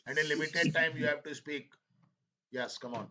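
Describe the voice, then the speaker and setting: A man's voice: a little high, moderate pace, bright, forceful tone. A man with an Indian accent, teaching a spoken English class and explaining while he repeats and restarts phrases.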